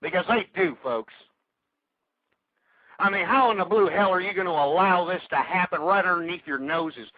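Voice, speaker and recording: A man's voice: high voice, moderate pace, dry recording. A man hosting a political talk radio show, ranting angrily and hurling insults at his listeners. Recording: tinny phone-like radio audio.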